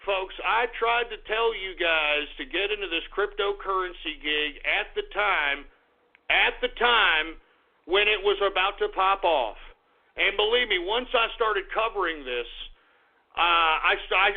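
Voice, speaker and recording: A man with a high, gravelly voice rants as host of an internet radio show, cursing and sighing in frustration. His voice comes through thin and tinny, like a phone line. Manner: exasperated, cursing, with repeated sighs. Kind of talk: ranting call-out monologue.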